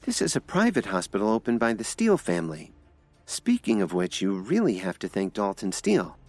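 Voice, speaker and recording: A man voicing a shy, worried young woman in a soft, raised voice. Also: wildly swooping pitch, a little fast, no room sound, heavily acted. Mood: explaining. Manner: soft, pleading, high-pitched.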